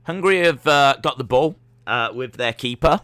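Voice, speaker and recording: A man hosting a live football watch-along, reading out viewer comments and reacting with loud excitement to the play. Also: mid-range voice, normal speed, clear, resonant tone, dry recording. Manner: reads viewer comments, excitable shouting at goals.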